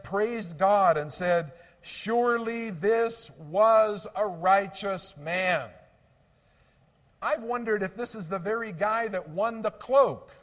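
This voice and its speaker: A man preaching a sermon in an earnest, measured way, slowing down to stress key phrases. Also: high-pitched, in a large hall. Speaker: pastor.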